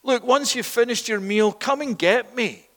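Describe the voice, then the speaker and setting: Brief: preacher putting on a desperate young man begging from a pit, pitched up high and loud, in an echoing church hall. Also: very animated, brisk, husky, exaggerated voice. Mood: pleading. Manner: pleading, raised and higher than his own voice. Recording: long echo of a church hall.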